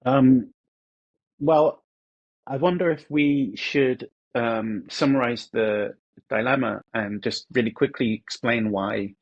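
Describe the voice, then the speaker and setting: A man's voice: mid-range voice, slow pace, dull audio. A man, a philosopher guest, speaking hesitantly in a casual academic discussion.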